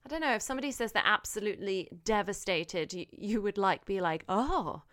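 A woman's voice: mid-range voice, lively intonation, fast, a bit bright. A British woman co-hosting a podcast, chatting playfully and laughing often. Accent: British English. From Britain. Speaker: podcast co-host. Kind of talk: casual chat.

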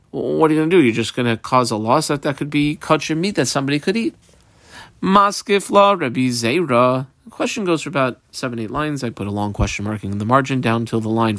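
A man's voice: mid-range voice, a bit bright, dry recording. A man giving a Talmud lesson, reading the text phrase by phrase, translating and explaining with many fillers. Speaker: Talmud teacher. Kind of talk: daf yomi lesson.

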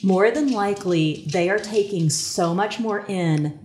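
A woman's voice: mid-range voice, a little slow, a little mellow, slight background noise. A woman hosting a podcast about her daughter's friendships, asking questions and speaking in an affirming way. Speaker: host, parent. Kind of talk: podcast conversation. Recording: echoey room.

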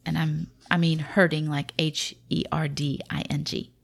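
A woman's voice: low-pitched, flat delivery, moderate pace, gravelly. A woman with a Southern accent, a Christian mother talking through parenting in a casual, folksy, reflective devotional style.

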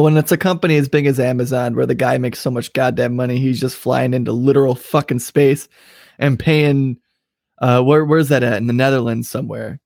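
A man's voice: medium pitch, gravelly, darkish tone, no room sound, clean studio sound. A young man co-hosting a podcast, ranting angrily with lots of swearing in casual chat. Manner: angry, profane ranting. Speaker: podcast co-host.

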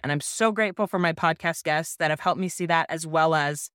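A woman in her thirties hosting a parenting podcast, telling a personal story in a gentle, earnest, reassuring way. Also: lowish voice, smooth, no echo, studio quality. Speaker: podcast host.

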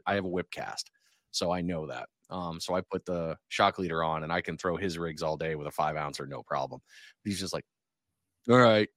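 A man hosts a casual podcast about fishing. His voice sits low and sounds close and dry, with no room around it. He tells stories in an animated way and acts out what others said. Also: dry recording. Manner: animated storyteller, acts out quotes. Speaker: podcast host.

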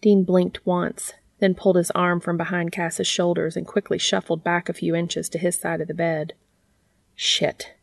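A woman with a fairly low voice reads a story aloud in an even, measured way. She sounds intimate and close, and the recording is dry with no room sound. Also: gravelly, dry recording. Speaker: narrator. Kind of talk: reading fan fiction aloud.

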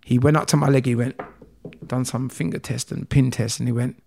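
A man with a London accent, a guest telling a personal story with feeling, acting out the dialogue in a lively way. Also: medium pitch, a little fast, vocal fry. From England. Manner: animated, acts out dialogue with rising voice.

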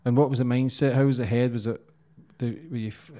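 A man's voice: mid-range voice, fairly even intonation, quick pace, dark tone. Man hosting an interview podcast. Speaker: podcast host. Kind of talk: interview questions.

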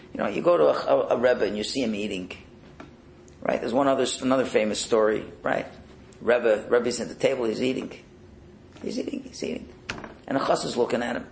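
A man teaching a Torah lesson as a sermon, telling stories in an animated way and acting out the voices in them. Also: mid-range voice, gravelly, a little hiss or hum, low-quality recording. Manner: animated storyteller, acts out the voices in his tales. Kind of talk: storytelling sermon.

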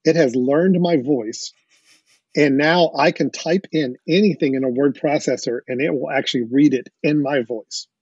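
On the high side and a little mellow and husky, this man's voice moves at a moderate pace as he hosts a casual podcast. He explains with enthusiasm and the odd chuckle. The recording is dry, dull, and lo-fi.

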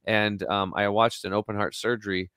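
Energetic low-voiced man telling a story. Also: moderate pace, smooth, dry recording, studio quality. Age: 40s. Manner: energetic, acts out quotes. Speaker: guest. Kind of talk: animated storytelling interview.

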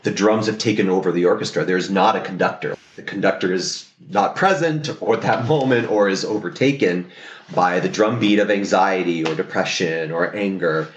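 Deep-voiced man explaining thoughtfully. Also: moderate pace, dull audio, a little hiss or hum. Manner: reflective, explanatory, often adds "right?". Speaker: therapist guest. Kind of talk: podcast conversation. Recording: roomy echo.

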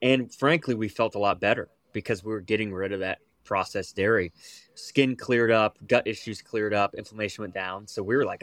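Low-voiced young man telling his story. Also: moderate pace, no echo. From United States. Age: young adult. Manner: relaxed, with frequent fillers and restarts. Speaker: guest. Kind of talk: casual storytelling interview.

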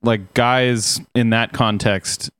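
A man's voice: medium pitch, steady tone, slow, fairly bright tone, clean tone, no room sound. A man commenting casually on a clip with light teasing remarks. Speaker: podcast co-host.

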